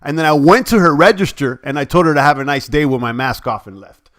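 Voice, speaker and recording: A man's voice: fairly high pitch, fast, a bit bright. A young man hosting a crypto livestream, chatting in a rambling, conversational way straight to his viewers. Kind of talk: casual livestream chat.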